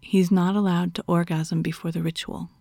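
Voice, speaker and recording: A woman's voice: on the low side, level tone, moderate pace, gravelly, warm tone, no room sound. A woman voicing a stern, dominant female doctor who gives orders and scolds in a half-whispered voice, as whispered role-play. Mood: scolding.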